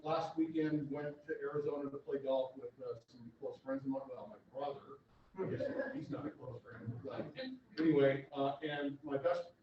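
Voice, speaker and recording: A man's voice: mid-range voice, normal speed, a little hiss or hum. A man at a club meeting giving casual announcements, rambling and hesitant with many fillers. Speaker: club member. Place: meeting room. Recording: echoey room from far off, dull.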